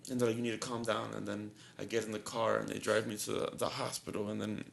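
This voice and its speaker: A man's voice: lowish voice, little pitch movement, fast talker, gravelly. A young man on a podcast telling a story in casual chat, rambling and repeating himself with a lot of "like", sounding shaky and nervous. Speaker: podcast co-host.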